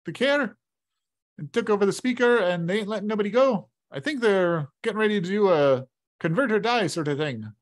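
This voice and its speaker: A man voicing a folksy male tavern keeper who talks in a rustic drawl and pauses to think mid-sentence. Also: sits high, expressive, pitched above the performer's own voice. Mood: gossipy, grim.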